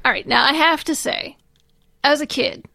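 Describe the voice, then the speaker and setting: A woman co-hosting a casual movie podcast, sarcastic and quick to laugh. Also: high-pitched, gravelly, bright, forceful tone, dry recording. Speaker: podcast co-host. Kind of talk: casual movie review chat.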